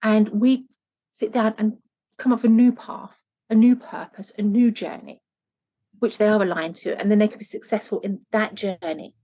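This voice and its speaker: A woman life coach talking earnestly in an interview, turning animated when she acts out what people say. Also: medium pitch, normal speed. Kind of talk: conversational interview. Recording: dull lo-fi sound.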